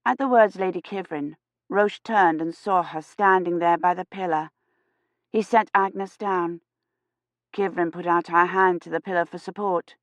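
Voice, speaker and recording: A woman narrating an audiobook in a measured, even storytelling manner. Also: lowish voice, no echo, muffled recording. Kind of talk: scripted narration.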